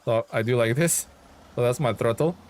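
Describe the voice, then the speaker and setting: A man streaming a game, chatting casually and excitably with his viewers. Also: medium pitch, moderate pace. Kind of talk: casual live-stream chat while playing.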